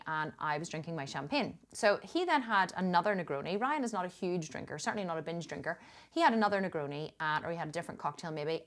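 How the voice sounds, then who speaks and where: A woman's voice: on the low side, a bit bright. Chatty Northern Irish woman vlogger. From Northern Ireland. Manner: chatty and emphatic, with frequent restarts and laughs. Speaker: fitness coach. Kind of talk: casual vlog storytelling.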